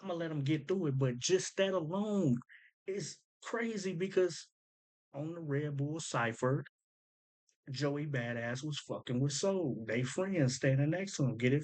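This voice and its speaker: A man's voice: fairly high pitch, lively intonation, a little slow, a little mellow, rough recording. A man hosting a casual commentary, eagerly explaining and pointing out details as he goes. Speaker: host breaking down rap lyrics.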